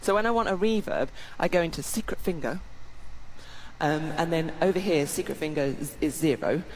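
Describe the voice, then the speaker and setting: A musician casually demonstrating gear, halting with many ums. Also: medium pitch, slight background noise, low-quality recording. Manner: hesitant, lots of ums, trails off.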